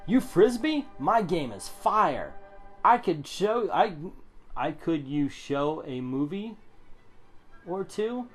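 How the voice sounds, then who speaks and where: A man's voice: sits high, sing-song, takes it slowly, husky, faint music behind, pitched above the performer's own voice, full character voice. A man putting on an over-eager, pushy voice for a gray-skinned comic book student.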